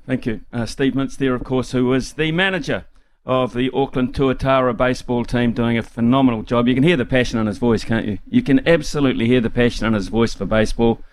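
A man's voice: mid-range voice, fairly even intonation, brisk. Casual New radio host man. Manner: chatty, casual, many uhs. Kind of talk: sports talkback radio.

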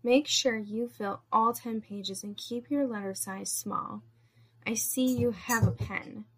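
A woman's voice: a little high, steady tone, slow pace, husky, heavily acted. A woman voicing a cruel, domineering woman who barks contemptuous commands, in a storybook reading. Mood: stern, cruel.

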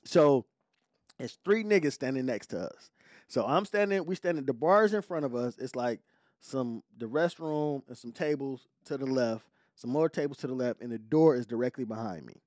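A man, hosting a podcast, telling a story in a casual, animated, profane way full of slang. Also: medium pitch, moderate pace, no room sound, studio quality. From Detroit. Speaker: podcast host.

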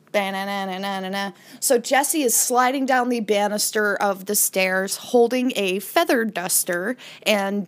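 A woman hosting a podcast, casually recapping an episode in a chatty way and briefly acting out quoted lines. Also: mid-range voice. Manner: chatty, retells scenes with brief acted-out quotes. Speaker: podcast host.

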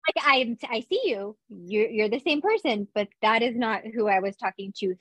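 A woman's voice: a little high, moderate pace, fairly bright tone, slightly rough, no room sound. A woman co-hosting a podcast, chatting playfully and laughing easily. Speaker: podcast co-host and pageant judge. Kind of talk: casual podcast chat.

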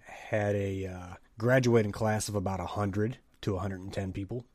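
A middle-aged man, telling a story in a casual chat, animated and often restarting his sentences. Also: lowish voice, moderate pace, dry recording. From Tennessee. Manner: animated, self-interrupting storyteller. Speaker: podcast storyteller.

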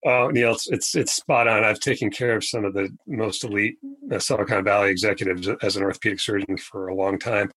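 Husky-voiced man, emphatic podcast guest. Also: on the low side, steady tone, a bit bright, low-quality recording. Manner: emphatic, repeats catchphrases slowly for stress. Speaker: podcast guest, orthopedic surgeon. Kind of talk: conversational podcast interview.

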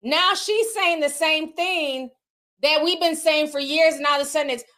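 A woman's voice: sits high, moderate pace, sharp tone. A woman commentator in casual chat, talking bluntly and with animation, swearing freely.

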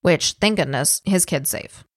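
A woman's voice: low voice, unhurried, no room sound, clean studio sound. A woman co-hosting a podcast, telling a true-crime story in a casual, profane, chatty way and laughing easily. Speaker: podcast co-host.

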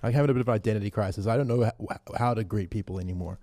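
A man's voice: lowish voice, racing, warm tone, no echo, clean studio sound. A man hosting a casual group podcast, joking and teasing his co-hosts. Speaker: podcast host.

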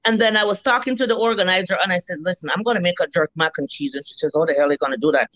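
A Jamaican restaurant cook in her fifties tells animated stories in a casual interview, imitating her customers and swearing freely. Her voice is lowish and rapid-fire, recorded with poor audio and no room sound.

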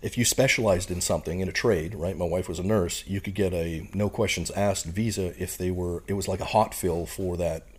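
A man's voice: low-pitched, brisk, hardly any pauses, slightly rough. A middle-aged man, a podcast guest telling a story in casual talk and acting out the people in it. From Canada. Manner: animated storyteller who acts out the people in his stories.

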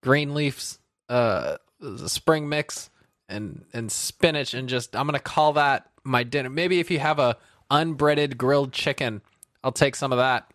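A man's voice: mid-range voice, unhurried, a bit bright, no echo, clean studio sound. A man telling rambling, self-deprecating stories in a casual chat, as a podcast co-host.

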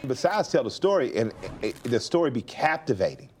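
A man's voice: medium pitch, sing-song, brisk, faint music behind. A man interviewing a guest in a casual talk, encouraging with frequent yeahs and asking reflective questions. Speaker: interviewer, rapper.

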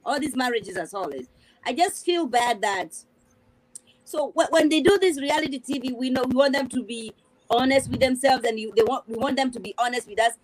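Earnest high-voiced woman. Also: a little fast, crowd noise, poor audio. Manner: earnest, repeats words while searching for them. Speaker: review panelist. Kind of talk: casual panel discussion.

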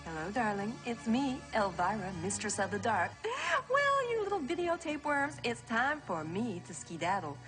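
A woman's voice: on the high side, wildly swooping pitch, normal speed, hardly any pauses, low-quality recording. A woman playing a campy, sultry female horror hostess who signs off in a teasing, theatrical drawl. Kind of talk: archive TV horror-host clip. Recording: archive clip with loud music.

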